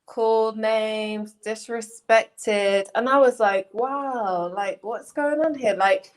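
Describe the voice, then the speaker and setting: An English woman with a fairly high voice argues her point with real passion. She talks in an emphatic, casual way on a remote call and acts out what other people said. Her delivery is heated but conversational. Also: slow pace. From England. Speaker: panelist.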